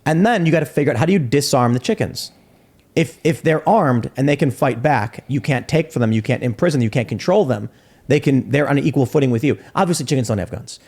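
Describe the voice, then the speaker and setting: A man hosting a podcast talk show, telling a joking story with animated asides. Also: mid-range voice, fast talker. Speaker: podcast host. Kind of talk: casual talk show discussion.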